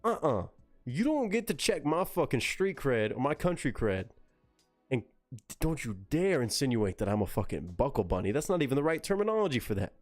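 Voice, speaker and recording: A Texan man tells stories on a casual live stream, cursing freely and mimicking people in quick put-on voices. His voice sits at a middling pitch, and faint music plays behind him. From Texas. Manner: profane, animated storytelling with mimicked voices. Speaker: streamer reading chat.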